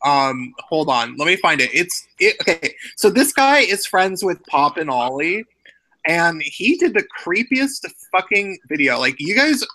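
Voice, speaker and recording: Woman on a stream, bright edgy voice, keeps stammering and losing her thought. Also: fairly low pitch, very animated, a little slow, low-quality recording. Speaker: livestream participant. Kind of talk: casual group chat.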